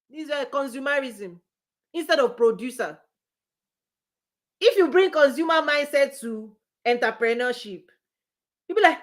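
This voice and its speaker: A woman with a fairly high-pitched voice coaches her live-stream audience. She drives each point home with repetition and a preacher's cadence. She often breaks into a laugh between points. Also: animated, moderate pace, long pauses. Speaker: business coach. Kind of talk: motivational live-stream talk.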